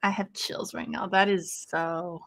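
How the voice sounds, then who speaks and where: Young woman streamer, easygoing host, slow relaxed delivery, chatty and giggly. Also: fairly low pitch. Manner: chatty, lots of "like" and laughter. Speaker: host of a fight watch-along stream. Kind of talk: casual chat with live viewers.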